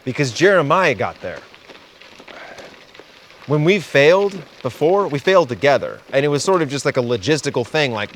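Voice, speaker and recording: A man cyclist talking candidly in a vlog, emotional and halting, with frequent restarts. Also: medium pitch, very animated, slight background noise.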